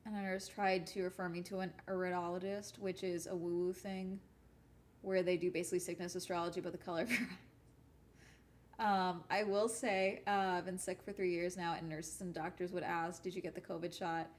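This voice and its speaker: A woman's voice: fairly low pitch, level tone, moderate pace, a little hiss or hum. A young adult woman YouTuber chatting casually on a live stream while gaming, ranting bluntly and swearing often.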